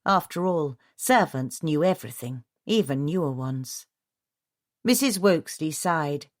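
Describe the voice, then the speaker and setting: A woman narrating a novel in a steady, even audiobook reading. Her voice is on the low side, and the sound is close and dry with no room around it. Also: measured pace, no room sound.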